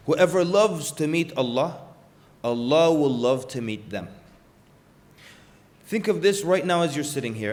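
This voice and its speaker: A man giving a religious lecture in an earnest, storytelling manner, asking the audience rhetorical questions. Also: medium pitch.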